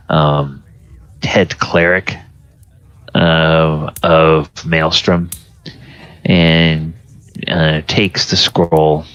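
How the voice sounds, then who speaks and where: A man narrating a tabletop game as game master, in a halting, thoughtful way. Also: deep voice, a bit bright, no echo. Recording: dull lo-fi recording.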